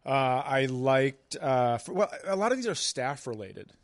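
A man's voice: mid-range voice, big pitch swings, a little slow, no echo. A man talking in casual podcast chat, riffing jokes and laughing along with the host. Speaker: podcast guest.

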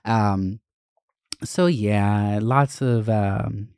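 A young man with a lowish voice shares personal stories in a loose, rambling way. He is blunt and swears freely, often pausing on "um" and "like." The sound is dry and close, with no room around him. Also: darkish tone, clean tone, no room sound. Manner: candid, profane, rambling with many fillers. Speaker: vlogger. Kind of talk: casual storytelling to camera.

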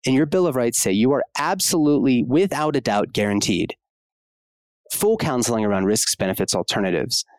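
A man's voice: medium pitch, expressive, a little fast, dry recording. A man speaking as a guest on a conversational podcast, talking passionately and frankly, casual with fillers and the odd swear word. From United States. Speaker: podcast guest, obstetrician-gynecologist.

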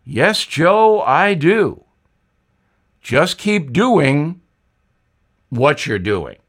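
A man's voice: a little high, sing-song, very slow, a bit bright, heavily acted. A man voicing the folksy, gracious ghost of an older former president. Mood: genial. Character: genial old ghost of a cowboy president.

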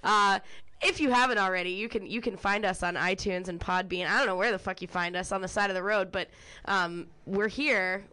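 A woman's voice: mid-range voice, a little fast, pushed and bright, smooth. A woman co-hosting a casual podcast, swearing freely and sarcastic, breaking into laughter. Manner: profane, sarcastic, laughs a lot. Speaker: podcast co-host.

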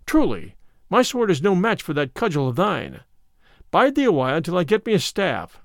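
A soft-spoken young stranger, gentle and faintly teasing, as a male reader puts him on. His voice sits fairly high and moves in an animated way. The sound is close and dry. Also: normal speed, dry recording, full character voice. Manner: soft, gentle, mildly mocking.

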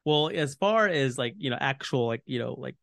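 A man co-hosts a casual podcast, explaining fantasy game lore in a loose, rambling way full of fillers. His voice sits at an ordinary middle pitch. The recording is dry, with no room sound. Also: animated, normal speed, vocal fry, a bit bright, no room sound. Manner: rambling, heavy on fillers like "you know" and "like". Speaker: podcast host.

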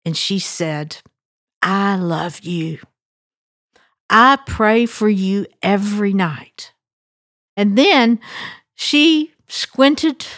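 An older woman tells a family story in a slow, unhurried way. Her voice sits at a middle pitch and sounds dry and close to the mic. She acts out the voices of the people she quotes. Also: no echo. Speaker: podcast co-host. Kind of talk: storytelling devotional reflection.

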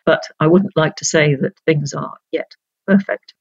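Older woman with a gravelly, husky voice. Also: low voice, no room sound, highs cut off. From North Yorkshire, England. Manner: measured, precise, laughs often. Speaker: guest, retired senior judge. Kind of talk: reflective interview storytelling.

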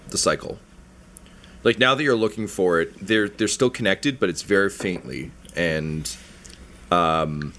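A man narrating a tabletop game as game master, halting and full of ums. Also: deep voice, fairly bright tone.

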